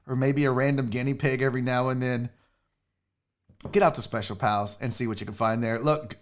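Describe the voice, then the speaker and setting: A man's voice: fairly high pitch, a bit bright. A man hosting his own sports show, talking casually in a rambling, jokey way and swearing freely. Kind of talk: casual livestream talk.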